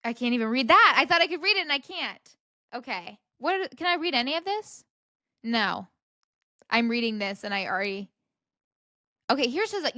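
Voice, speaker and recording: A woman's voice: a little high, very animated, moderate pace, pauses often, bright, forceful tone, no echo, studio quality. A young woman hosting a podcast, chatting casually and reacting with disbelief, often cutting herself off mid-sentence. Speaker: podcast host. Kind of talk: casual commentary.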